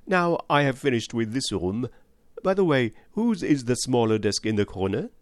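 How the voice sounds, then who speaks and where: A man reading an audiobook, voicing a calm, precise elderly male Belgian detective with a put-on French-tinged accent. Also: mid-range voice, normal speed, no room sound, natural voice. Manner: precise, placid, calmly probing.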